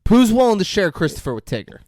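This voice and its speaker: Profane, animated young man on a podcast. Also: high voice, quick pace, no echo, studio quality. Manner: profane, laughing, jumps into silly put-on voices. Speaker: podcast co-host. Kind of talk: crude comedic movie-review banter.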